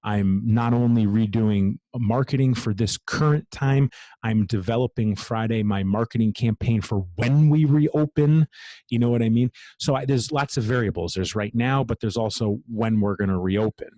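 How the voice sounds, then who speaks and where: A man's voice: fairly low pitch, normal speed, dark tone, dry recording. A man who runs a gym speaks in a casual interview. He talks bluntly, swears freely and pushes ahead with drive. The sound is close and dry. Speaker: gym owner, guest.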